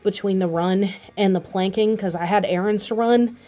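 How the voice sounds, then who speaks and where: A woman's voice: mid-range voice, moderate pace, mellow, faint music behind. A young woman vlogging casually about her fitness test, chatty and rambling, coughing and out of breath. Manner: chatty, rambling, self-deprecating.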